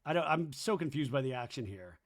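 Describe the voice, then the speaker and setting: A man hosting a solo podcast, recapping a reality show episode and acting out the cast's lines in quick put-on voices. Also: medium pitch. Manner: animated, acts out cast members' lines in quick put-on voices.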